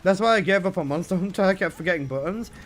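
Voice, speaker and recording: A man's voice: sits high, fast, a bit bright. Chatty, swearing male streamer. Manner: chatty, swears and laughs often, talks to chat. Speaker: live streamer. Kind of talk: casual live-stream chat.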